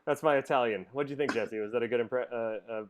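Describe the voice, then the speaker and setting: A man's voice: mid-range voice, fast talker. A man hosting a podcast in casual chat, rambling and laughing often. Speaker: podcast host.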